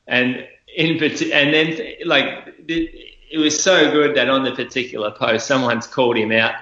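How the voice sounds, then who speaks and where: A man, co-hosting a casual podcast chat and telling stories with animated, mocking retellings. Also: fairly low pitch. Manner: animated storytelling, mocking quoted voices. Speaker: podcast co-host. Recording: roomy, dull lo-fi sound.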